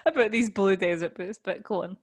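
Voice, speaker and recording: A woman's voice: mid-range voice, brisk. A young woman co-hosting a podcast over a video call, teasing and laughing often. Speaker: podcast co-host. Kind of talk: casual chat.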